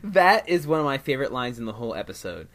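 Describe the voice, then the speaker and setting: Man with a lively, swooping voice, jokey podcast co-host, laughs a lot. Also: medium pitch, fast talker. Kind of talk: casual rewatch chat.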